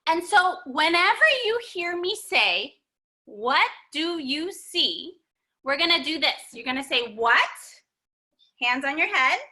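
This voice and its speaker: A young woman leads children through a story-time yoga class. Her voice is very high, bright and clear. She talks slowly in a sing-song, encouraging way, recorded on a computer microphone. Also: lively intonation. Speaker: kids' yoga teacher. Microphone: computer mic.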